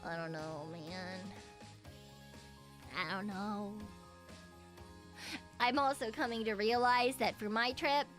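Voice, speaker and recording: A woman's voice: medium pitch, takes it slowly, long pauses, a bit bright, faint music behind. A young woman streaming as a VTuber, chatting casually with her viewers, swearing freely and grumbling in a mock-dramatic way.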